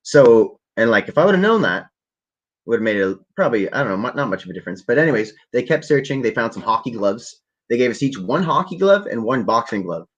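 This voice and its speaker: A man's voice: medium pitch, very animated, quick pace. Rambling, swearing man on dull lo-fi audio. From Canada. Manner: rambling, profane, laid-back. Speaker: vlogger. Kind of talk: casual storytelling to a livestream.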